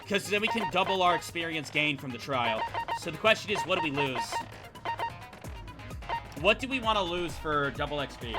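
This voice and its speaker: A man streaming a visual novel game, reacting with excitable, profane rants to chat. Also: high voice. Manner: excitable, ranting, swears often. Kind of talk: live game commentary.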